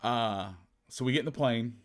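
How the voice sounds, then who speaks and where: A man hosting a football podcast, chatting casually and telling an animated, profane story. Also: mid-range voice, moderate pace. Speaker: podcast host and football coach. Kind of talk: casual chat.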